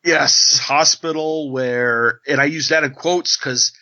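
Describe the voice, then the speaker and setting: A man co-hosts a podcast in loose, animated chat and laughs often. His voice is bright and keen. The sound is dry, close and a bit muffled. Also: fairly high pitch, slow pace, no room sound. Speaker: podcast co-host. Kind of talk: casual chat. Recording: dry, dull lo-fi podcast audio.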